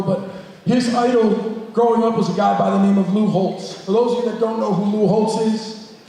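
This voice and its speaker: A man's voice: sits high, mellow. A man, a school guidance counselor and coach, telling a motivational story to students and speaking plainly and directly to the audience. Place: large school hall with an audience. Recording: echoey hall, voice from far off.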